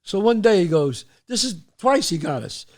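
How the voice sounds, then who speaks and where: Animated New man telling stories. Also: sits high, moderate pace. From the Bronx, New York. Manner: animated, acts out voices, trails off mid-sentence. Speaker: host. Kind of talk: storytelling.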